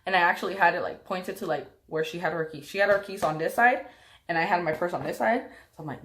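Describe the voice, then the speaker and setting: A woman's voice: on the low side, quick pace, fairly bright tone. A young woman casually telling a personal story to her viewers, rambling with lots of fillers and restarts.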